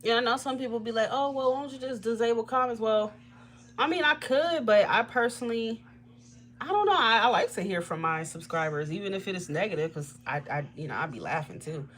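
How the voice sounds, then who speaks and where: Fairly quick and animated, a woman tarot reader on a livestream talks bluntly and swears without restraint, her tone a bit bright. Laughter comes often, along with sudden spikes high in her voice.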